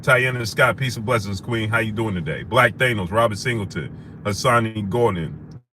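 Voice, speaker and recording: A man hosting a live stream, shouting out viewers by name and repeating phrases for emphasis as he rises to heated outrage. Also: on the low side, moderate pace, a little hiss or hum.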